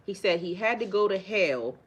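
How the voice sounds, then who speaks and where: A spiritual life coach talks casually to viewers on a livestream in a husky, medium-pitched, animated voice at normal speed, with lo-fi sound. She's blunt, profane and preachy, firing rhetorical questions and repeating phrases for emphasis.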